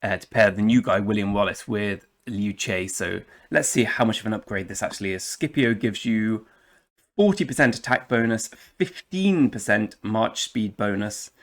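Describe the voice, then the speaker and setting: A jokey English man talks through a strategy game with a fairly low voice. He rambles cheerfully in a casual commentary style and slips into playful mock accents now and then. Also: normal speed. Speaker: gaming channel host.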